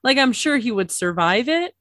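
A woman co-hosting a podcast, chiming in with wry, quick reactions in casual book talk. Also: a little high, big pitch swings, fairly bright tone, no echo, clean studio sound. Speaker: podcast co-host.

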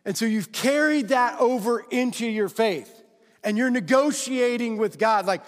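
Speaking at a measured pace in a very high-pitched voice, this pastor delivers a conversational sermon full of rhetorical questions aimed at his congregation. The church sanctuary's large hall adds long reverb.

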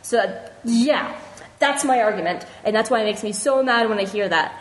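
Young woman ranting earnestly into a voice message, kinda emotional, a bit high voice. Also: moderate pace, rough recording. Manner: heated and earnest, many restarts. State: emotional, near tears. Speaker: fan caller sending a voice message to a podcast. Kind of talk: casual impassioned opinion.

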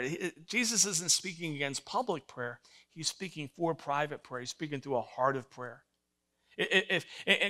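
An older man preaching a sermon, telling stories with emphasis and acting out voices. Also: on the high side. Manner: animated storytelling, acts out voices, emphatic. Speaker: pastor.

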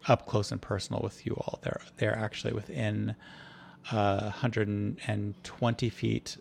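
A man narrating as game master of a tabletop game, describing the scene in a halting, drawn-out way. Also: fairly low pitch, little pitch movement, gravelly, darkish tone, slight background noise.

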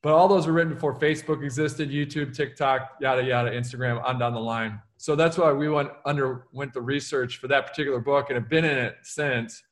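A man, an author and keynote speaker, answering interview questions in an energetic, emphatic way, often acting out quoted dialogue. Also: medium pitch, fairly quick, hardly any pauses.

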